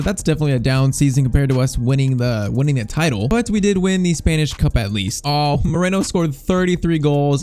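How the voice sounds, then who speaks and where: A young man giving live, excitable commentary over a football video game, reacting nervously and shouting at big chances. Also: on the high side. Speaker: gaming YouTuber.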